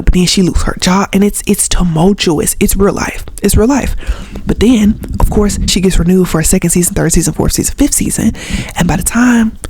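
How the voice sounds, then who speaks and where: Blunt, husky Southern woman ranting. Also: medium pitch, darkish tone, no echo. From Southern United States. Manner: blunt and sarcastic, swears freely, mimics others in mocking voices. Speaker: vlogger. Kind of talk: casual ranting commentary to camera.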